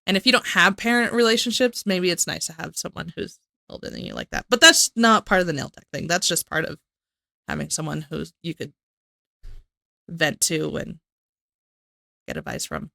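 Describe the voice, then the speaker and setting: A chatty woman hosts a casual reaction video, and her voice has a bright, crisp edge. She sounds close and dry, with no room around her, and fills her talk with casual fillers. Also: on the low side, huge pitch swings, moderate pace, dry recording. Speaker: channel host.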